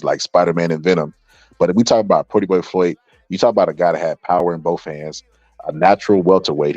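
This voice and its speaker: A man with a very low voice talks through boxing takes in a relaxed, tired way, peppering everything with "bro." The sound is dry and a little muffled, like a basic home mic. It feels like a late-night chat with his viewers. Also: dry recording. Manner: laid-back, says "bro" often, laughs at comments. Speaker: boxing commentator reading viewer comments. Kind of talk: casual livestream commentary.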